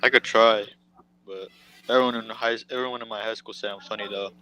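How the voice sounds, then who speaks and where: A man's voice: fairly low pitch, fairly even intonation, quick pace, pushed and bright, rough recording. A young man in a heated online debate, casual and brash, laughing at the others.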